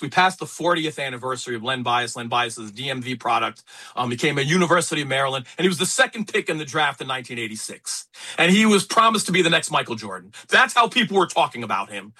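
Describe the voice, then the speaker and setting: A man hosting a talk radio show, speaking in an emphatic, opinionated way about sports and politics. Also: a little high. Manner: animated, emphatic, quick asides. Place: radio studio.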